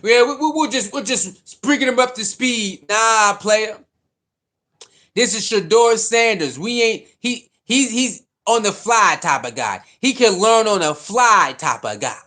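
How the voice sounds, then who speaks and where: Man, high voice, animated sports rant, repetitive, preachy. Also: measured pace. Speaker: sports commentator. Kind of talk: heated casual sports rant.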